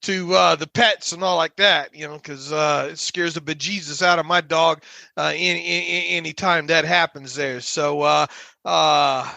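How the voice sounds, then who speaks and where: A middle-aged man with a high, gravelly voice chats loosely on a sports podcast, tripping over his words and joking. His tone is bright and edgy. The recording is dry and close. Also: steady tone, moderate pace, no echo. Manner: rambling, many fillers and repeated words, jokey. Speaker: podcast co-host. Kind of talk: casual sports podcast chat.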